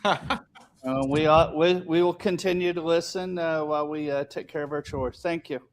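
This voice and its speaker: A man's voice: on the high side, steady tone, a little hiss or hum. A man gives courteous wrap-up remarks on a live debate stream. He hesitates often and searches for his words. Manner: halting, polite, hesitant. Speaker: panelist.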